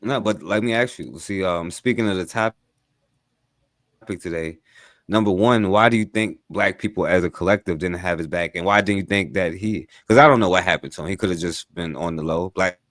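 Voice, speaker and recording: A man with a very low voice hosts a casual talk show. He asks his questions in an easygoing, conversational way. The sound is dry, with no room echo. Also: fairly quick, a bit bright. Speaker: talk radio host.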